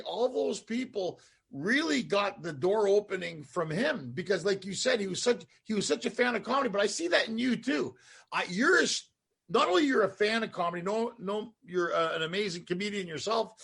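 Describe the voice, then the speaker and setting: High, gravelly, husky-voiced male host. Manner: rambling, animated storytelling with laughs. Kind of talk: casual interview chat.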